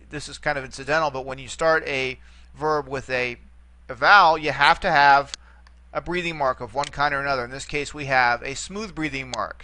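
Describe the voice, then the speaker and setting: A man's voice: a little high, pushed and bright. A man teaching a lesson, walking through examples patiently and repeating each term. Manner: patient, repeats terms, reassuring asides. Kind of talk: screen-recorded lesson.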